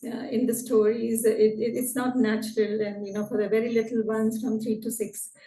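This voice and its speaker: A woman's voice: on the high side, level tone, moderate pace, mellow, roomy sound, recorded from a distance, slight background noise, low-quality recording. A woman who founds schools and trains teachers, politely asking a question, hesitant with fillers. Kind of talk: question in an online talk.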